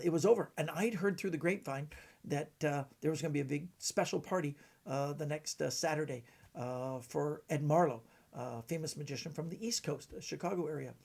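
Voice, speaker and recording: A middle-aged man from Canada, telling stories in a halting way with many fillers. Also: a little high, creaky, darkish tone. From British Columbia, Canada. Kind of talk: casual storytelling.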